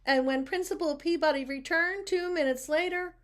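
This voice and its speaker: A woman reading a picture book aloud, expressive and talking to the listeners with questions. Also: very high voice, moderate pace. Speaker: storybook reader.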